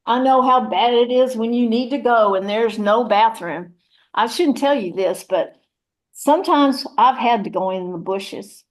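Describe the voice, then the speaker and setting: A chatty churchgoing country mama, as a woman plays her with a drawl. She rambles on in a folksy, motherly way, her voice sitting a little high. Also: measured pace, lightly acted. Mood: chatty, gossipy. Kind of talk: one-woman audio play reading.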